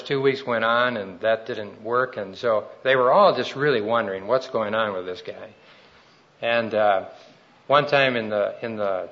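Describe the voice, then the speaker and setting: A man's voice: fairly low pitch, lo-fi sound. Earnest, folksy man preaching a testimony. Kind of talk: sermon with personal testimony.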